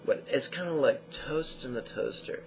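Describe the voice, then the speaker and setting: A man teaching a meditation lesson in a slow, measured way, often repeating short phrases. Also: mid-range voice, faint music behind, low-quality recording.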